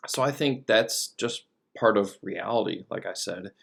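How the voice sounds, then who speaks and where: Male priest, lowish gravelly voice, thoughtful classroom-style talk with fillers. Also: a little slow, fairly bright tone. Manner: conversational, thoughtful, frequent fillers and restarts. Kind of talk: recorded teaching talk over slides.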